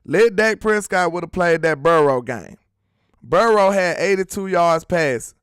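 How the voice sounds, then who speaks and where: Smooth-voiced man hosting sports talk. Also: sits high, animated, measured pace, dry recording, studio quality. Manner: slangy and emphatic, worked up about his team. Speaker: sports talk show host. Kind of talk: casual livestream chat reading viewer comments.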